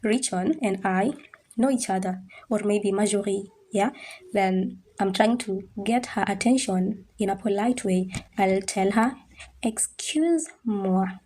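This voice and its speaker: Female French tutor, mellow tone, patient and repetitive, often checks in with the class. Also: mid-range voice, steady tone. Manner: patient, drills pronunciation slowly, checks understanding. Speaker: French teacher. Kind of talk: online language lesson.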